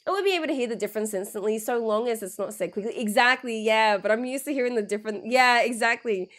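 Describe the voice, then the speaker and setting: A woman's voice: fairly high pitch, a bit bright. A woman streaming a game live, chatting and laughing with viewers, with a blocked nose. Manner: chatty, giggly, repeats words slowly to show sounds. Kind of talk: casual live stream chat.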